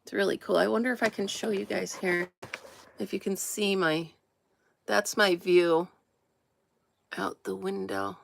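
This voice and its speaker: A woman's voice: medium pitch, steady tone, unhurried, creaky, pauses often, a little hiss or hum. A woman chatting casually to viewers on a live stream from inside her camper, greeting them by name and laughing often. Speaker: livestream host.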